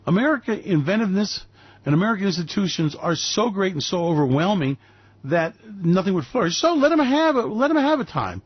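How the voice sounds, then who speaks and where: Older man from New York City, radio host, ranting and emphatic; husky voice with dull, lo-fi sound. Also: high-pitched, sing-song, brisk, no echo. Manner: emphatic, ranting, rhetorical questions. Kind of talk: opinionated radio commentary.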